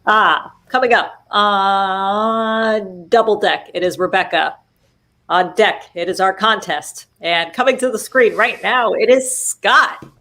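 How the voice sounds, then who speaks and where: A woman's voice: mid-range voice, slow, sharp tone. A woman co-hosting a live-streamed talent show, with playful asides. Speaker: co-host. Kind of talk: casual live-stream banter.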